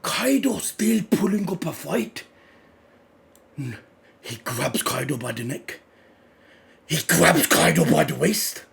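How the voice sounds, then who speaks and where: A man giving live reaction commentary while reading a manga chapter, swinging between loud excited shouting and low muttered reading-along. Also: takes it slowly, creaky, long pauses.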